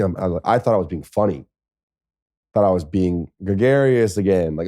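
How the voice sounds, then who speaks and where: A man in his thirties, a former pro football player, telling his story as a podcast guest in a rambling, animated way full of "like". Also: low-pitched, quick pace, no room sound, studio quality. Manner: rambling, animated, heavy "like" fillers. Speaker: interview guest, former NFL tight end. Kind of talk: candid storytelling.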